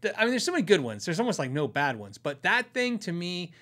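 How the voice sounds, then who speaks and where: A man's voice: high voice, sing-song, fast, a bit bright. A man hosting a podcast, telling stories in a rambling, casual way and chuckling often. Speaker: podcast host.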